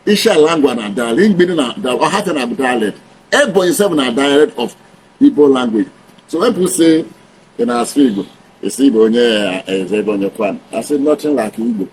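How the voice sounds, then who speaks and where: A man's voice: fairly high pitch, slight background noise, rough recording. A man with a Nigerian accent, talking straight to camera, mixing Pidgin and English and preaching with rhetorical questions. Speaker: vlogger. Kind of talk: direct-to-camera opinion talk.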